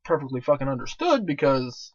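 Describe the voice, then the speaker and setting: A man's voice: mid-range voice, sing-song, brisk, dry recording. A young man casually telling a profane story, laughing and swearing often, with rambling restarts. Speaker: vlogger telling stories. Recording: dull lo-fi dry recording.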